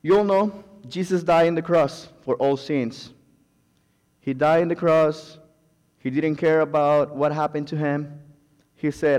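A man delivers a sermon with fervent, repetitive thanks and calls of amen, in English that is not his first language. His delivery is slow and unhurried. A long reverb from the church hall trails each phrase. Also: fairly high pitch, a little mellow. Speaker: preacher.

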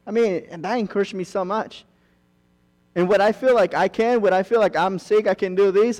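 A man's voice: high-pitched, a little mellow. A young man preaching a sermon, earnest and rising to emphatic bursts, acting out quoted asides. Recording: long hall reverb.

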